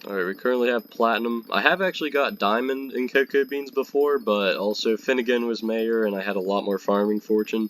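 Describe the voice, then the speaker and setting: A young man with a stuffy nose from being sick, rambling casually while playing a game. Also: lowish voice. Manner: rambling, chatty, self-mocking. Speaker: gaming video creator.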